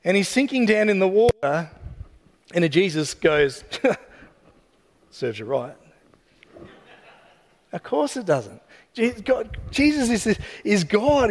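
Preacher type: man with a high voice, relaxed and joking as he tells the story, in a big echoing church hall. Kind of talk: sermon. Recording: long hall reverb.

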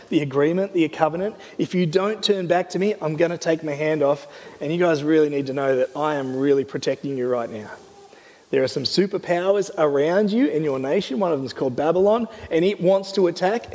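A man's voice: a little high, fairly quick, a little mellow, long reverb tail, lightly acted. A man voicing God in his sermon, a loving, just male God begging his people to return. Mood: pleading. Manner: begging, tender.

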